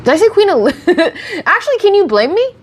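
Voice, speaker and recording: Her voice is extremely high and swings widely in pitch, and she races through her words. A woman getting ready on a livestream, she rambles casually while answering viewers' questions, close to her streaming mic.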